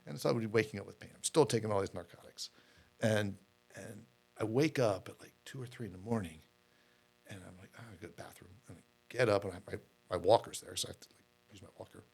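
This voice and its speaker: A middle-aged man with a low, gravelly voice, speaking as an interview guest. He tells his story candidly and loosely, restarting sentences and repeating words as he goes. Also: fast, a little mellow. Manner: rambling, repeats words, many fillers. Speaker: podcast guest.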